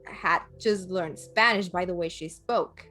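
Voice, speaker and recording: A woman from Puerto Rico, a guest in a casual chat, talking with animated energy and laughing often. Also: on the low side, unhurried, soft background music.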